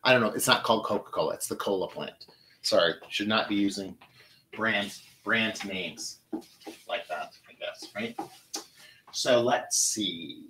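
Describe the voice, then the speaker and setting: A man's voice: fairly low pitch, measured pace, bright, forceful tone, slight background noise, poor audio. A middle-aged man from Michigan hosting a live flower-arranging show, chatting to viewers as he works. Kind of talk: casual live demonstration.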